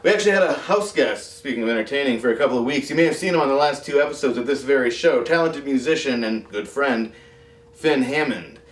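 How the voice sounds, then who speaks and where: A man hosts a comedy show in a mid-pitched voice, talking through a monologue with dry, deadpan asides. He sits back from the mic in a roomy, echoey space, and faint music plays behind him. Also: quick pace, recorded from a distance, a little hiss or hum. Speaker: talk show host. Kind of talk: comic monologue.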